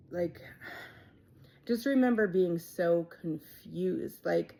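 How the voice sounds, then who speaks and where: A woman in her thirties telling her own life story in a casual, halting way, with many fillers and quiet trailing asides. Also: on the low side, fairly even intonation, creaky. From Ohio, USA.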